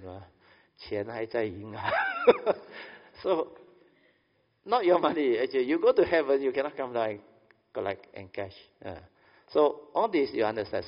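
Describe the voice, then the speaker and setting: Gravelly man in echoing hall. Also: fairly low pitch. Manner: storytelling, often repeats "I said" and checks "understand?"; chuckles often between lines. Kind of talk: anecdotal dharma talk. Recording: dull reverberant hall recording.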